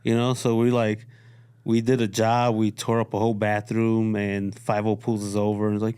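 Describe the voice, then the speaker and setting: A man from Chicago hosting a podcast, telling stories in a relaxed, laid-back way with casual swearing. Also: on the low side, moderate pace, clean tone, no echo. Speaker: podcast host. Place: studio.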